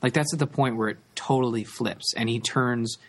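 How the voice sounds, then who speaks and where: A man co-hosting a casual podcast chat, halting and repeating words with many fillers. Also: medium pitch. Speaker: podcast co-host.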